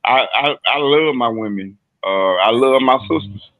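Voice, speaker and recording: A man's voice: medium pitch, unhurried, no echo. A man on a live-stream debate panel, rambling casually with many repeated fillers. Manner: rambling, repeats "you know what I'm saying". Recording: tinny phone-line sound.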